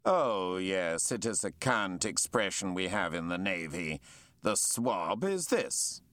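A man's voice: low-pitched, sing-song, slow pace, fairly bright tone, no echo, heavily acted. A man voicing a genial male naval captain with hearty, old-fashioned courtesy. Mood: cheerful.

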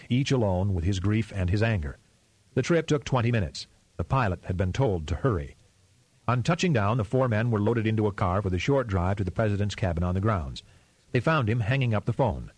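Low, husky-voiced male narrator. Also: darkish tone, dry recording. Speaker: audiobook narrator. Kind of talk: scripted narration.

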